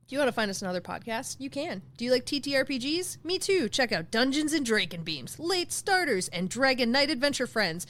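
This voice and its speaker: A woman co-hosting a podcast, reading a playful outro with mock threats and quick jokes. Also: sits high, animated, fairly bright tone. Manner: mock-threatening, jokey plugs. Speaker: podcast co-host.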